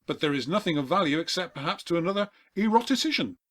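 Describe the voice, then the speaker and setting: A man voicing an eccentric, excitable collector in a comedy audio play, with a polite, formal manner. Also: on the high side, fast. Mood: prim.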